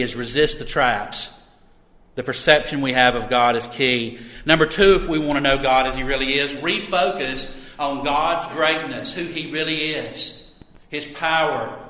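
A man's voice: on the high side, sharp tone. A middle-aged man preaching a sermon as a pastor, earnest and emphatic, his volume swelling and dropping. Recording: echoey hall reverb.

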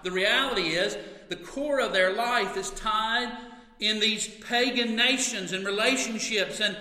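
A man's voice: sits high, a little slow, pushed and bright. A middle-aged man preaching a sermon in an earnest, conversational way, with occasional asides and light laughter. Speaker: pastor. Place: church sanctuary. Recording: echoey hall with long reverb.

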